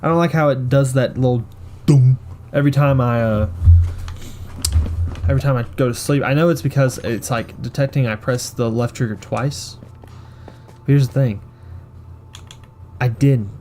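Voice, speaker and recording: A man's voice: medium pitch, steady tone, moderate pace, pauses often, a little mellow, slight background noise. Rambling young man, gameplay commentary. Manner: rambling, joking, self-mocking. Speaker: gaming streamer.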